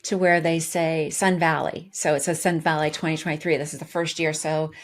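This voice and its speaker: A woman with a somewhat low voice co-hosts a casual podcast. She tells her story in a loose, chatty way and often restarts her sentences. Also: level tone, a little fast. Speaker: podcast co-host. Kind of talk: casual chat.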